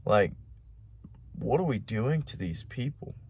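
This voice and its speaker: A man's voice: lowish voice, animated, slow, a little mellow, husky. A man hosting a podcast alone, rambling in a casual monologue with heavy swearing, lots of "like" and restarts. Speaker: podcast host.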